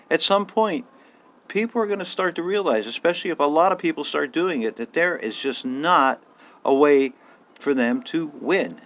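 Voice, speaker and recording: A man's voice: medium pitch, fairly bright tone. An older man delivering a blunt, indignant monologue as a vlogger, swearing freely and pressing his points with rising emphasis. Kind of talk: casual ranting monologue.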